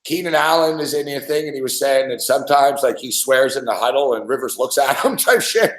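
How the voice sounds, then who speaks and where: A man chats about sports in a loose, animated way and acts out players' quotes with swearing and laughter. His voice sits in a middle register. The sound has a noticeable roomy echo. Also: mid-range voice, fairly quick, slight background noise. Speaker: podcast host. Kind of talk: casual sports chat.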